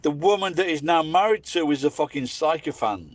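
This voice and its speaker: A Scottish man with a fairly high-pitched voice rants bluntly and profanely in a casual monologue. The sound is dry and close, with no room echo around him. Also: brisk. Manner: blunt, heavily profane, opinionated. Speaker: vlogger.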